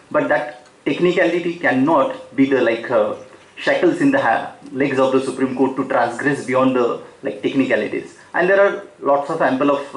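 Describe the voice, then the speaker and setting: Guy giving a seminar talk, lots of uhs and likes, mid-pitched voice, echoey hall. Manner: unscripted, frequent fillers and self-corrections. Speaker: speaker at an academic seminar. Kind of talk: academic lecture.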